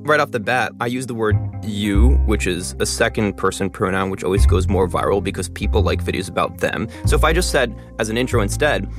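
A man in his twenties, a linguist and content creator, explaining his work in a quick, animated way in an interview. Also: on the low side, music in the background. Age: 20s. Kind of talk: interview answers.

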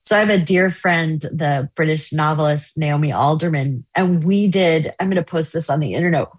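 Husky, low-voiced woman novelist. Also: normal speed, no room sound. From United States. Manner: animated storytelling with fillers. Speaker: novelist, interview guest. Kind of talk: casual interview chat.

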